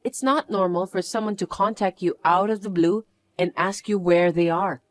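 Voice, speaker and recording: A woman voicing a reserved young married woman who answers in a flat, curt, unimpressed way. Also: fairly low pitch, moderate pace, dry recording, natural voice. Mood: annoyed. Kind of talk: dramatized story acting.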